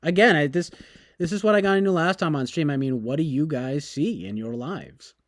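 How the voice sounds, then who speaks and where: A man's voice: fairly high pitch, brisk, dry recording, studio quality. A man streaming, talking casually in a sarcastic, mocking and rambling way.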